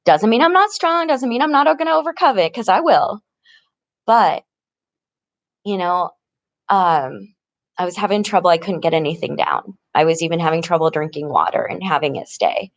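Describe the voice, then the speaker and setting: A woman's voice: lowish voice, no room sound. Laughing woman vlogger, dry close sound. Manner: rambling, laughs often. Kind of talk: casual personal vlog. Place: tent in an encampment.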